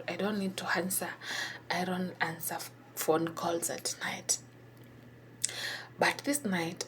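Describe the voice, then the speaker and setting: Slow, whispering woman telling a story. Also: fairly low pitch, fairly bright tone. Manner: halting and hesitant, with many pauses and restarts.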